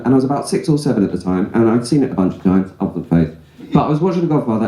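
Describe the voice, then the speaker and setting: A young English stand-up comedian tells stories conversationally on a comedy club stage, often tossing in "right?" asides as the audience laughs. His medium-pitched voice is warm and mellow, with the live room echoing around him.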